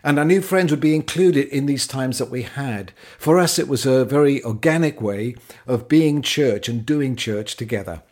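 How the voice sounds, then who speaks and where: A middle-aged man recounts his own life in an even, measured manner. His voice sits at an ordinary middle pitch. He talks like a Christian sharing personal reflections. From Britain.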